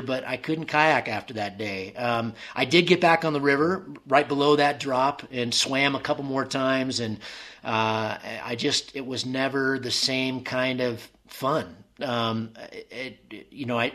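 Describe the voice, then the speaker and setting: A man's voice: medium pitch, fairly even intonation, unhurried, fairly bright tone. A man as an interview guest, telling a story in casual speech with many restarts, acting out remembered inner dialogue.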